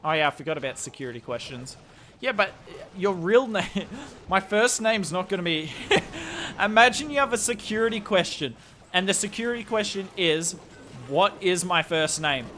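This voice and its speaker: Bright, excitable Australian male streamer. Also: sits high, moderate pace, a little hiss or hum. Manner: excitable play-by-play, chatty asides to chat. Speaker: live-stream game commentator. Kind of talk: live game commentary.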